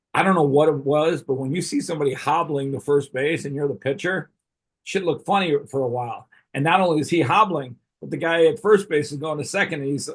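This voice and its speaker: A middle-aged man with a husky voice spins a casual, profanity-laced yarn. He talks loosely and chuckles through the telling, like a podcast host swapping stories. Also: mid-range voice. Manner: profane, laughing storyteller. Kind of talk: casual storytelling.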